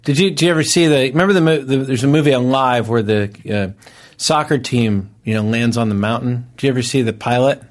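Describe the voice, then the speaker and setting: A man's voice: medium pitch, quick pace. A man co-hosting a comedy podcast, chatting casually and cracking jokes. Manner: animated, jokey, bursts into loud shouts. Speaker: podcast co-host.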